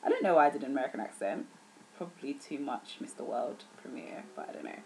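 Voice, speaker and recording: Young woman, low voice, earnest casual vlog chat, lots of ums. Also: fast, gravelly, poor audio. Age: young adult. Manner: earnest, serious, animated retellings with filler words. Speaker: vlogger.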